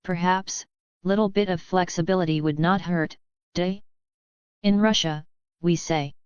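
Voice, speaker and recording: Patient big russian guy, read by a woman, measured speech, low smooth voice. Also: steady tone, no room sound, dull audio, close to an everyday voice. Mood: calm. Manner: slow, measured. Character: calm patient big Russian young man.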